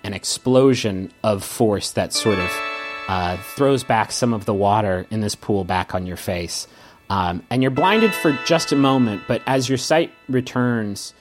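A man narrating as a game master, setting scenes with unhurried description. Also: fairly low pitch.

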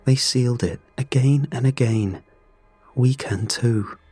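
Male narrator doing a steady, resolute woman explorer in a slow audio story. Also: mid-range voice, husky, no echo, voice pushed up. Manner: quiet and steady. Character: calm, resolute woman expedition member.

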